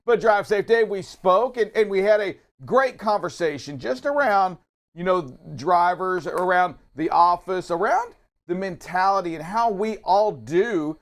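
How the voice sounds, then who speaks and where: A man's voice: high voice, animated, unhurried. A man co-hosting a live trucking show in an upbeat, chatty, teasing way. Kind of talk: casual live-stream chat.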